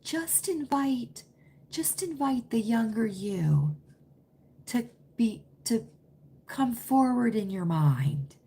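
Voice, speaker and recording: This is a hushed, syrupy woman guru put on by a woman mocking her, talking slowly and gently in a breathy half-whisper. She sounds motherly and coaxing, drawing the listener in close. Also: fairly high pitch, lively intonation, exaggerated voice. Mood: soothing. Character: soft-spoken syrupy woman self-help guru.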